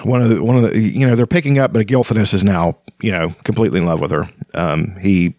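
This book discussion host talks quickly in a lowish, darkish voice, recorded with no room sound. Chatting casually about fantasy books, he rambles with plenty of fillers and restarts and reads passages out loud.

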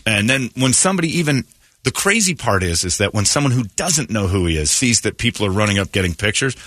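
A low, husky male voice with plenty of bright edge, rising and falling with animated swings as he riffs through a casual radio morning show. He tells his stories in a lively way, mimicking the people in them. The sound is dry and close, as in a radio studio. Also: fast talker, no echo. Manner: animated storyteller who acts out quoted voices.

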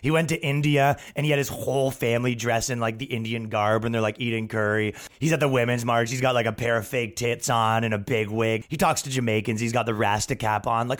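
A man hosting a podcast, ranting in a crude, sarcastic way and mocking others, swinging between loud outbursts and low asides. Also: quick pace, few pauses. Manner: profane, sarcastic, mocking, with put-on voices for others. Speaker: podcast host and stand-up comedian. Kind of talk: casual ranting monologue.

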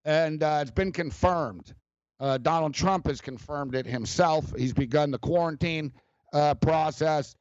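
Male sports radio host, fairly high voice, rambling and animated; dry, slightly muffled sound. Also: a little slow, no echo. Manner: rambling, animated, laughs often, many fillers. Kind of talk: casual sports talk.

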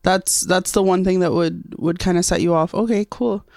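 A woman's voice: lowish voice, fairly even intonation, normal speed, vocal fry, a little mellow, dry recording, clean studio sound. A woman co-hosting a casual podcast, ranting with heavy swearing and bursts of laughter. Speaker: podcast co-host.

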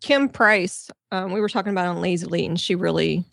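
A woman co-hosting a casual gaming podcast, chatting in quick, informal asides. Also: lowish voice, creaky, a bit bright, no echo, clean studio sound.

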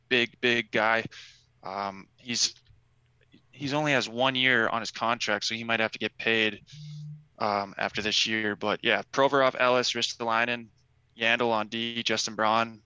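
A man's voice: on the low side, sharp tone, clear, resonant tone, no room sound, poor audio. A man co-hosting a casual sports podcast, talking in an enthusiastic, loose and chatty way. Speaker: podcast co-host.

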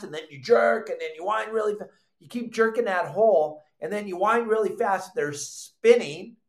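An older man hosting a live fishing show, teaching in an animated, loud way with surfer slang. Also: sits high, roomy sound. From Southern California.

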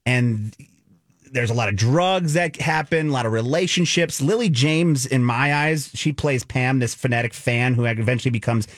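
A man co-hosting a radio talk show, chatting casually and retelling a film with quick asides. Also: medium pitch, no room sound, clean studio sound. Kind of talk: casual chat.

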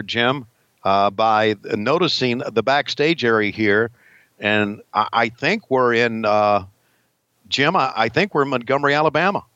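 A man's voice: fairly bright tone, clear, resonant tone, no room sound, muffled recording, close to an everyday voice. A man playing a frustrated veteran male wrestler who rants and swears backstage. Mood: grumbling. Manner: profane, rambling, raised pitch, mock-angry.

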